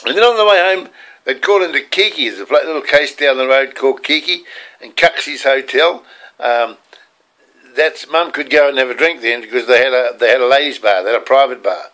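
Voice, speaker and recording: An older Australian man tells rambling, earnest stories from his childhood in a mid-range voice. He talks fairly quickly, and his tone is sharp.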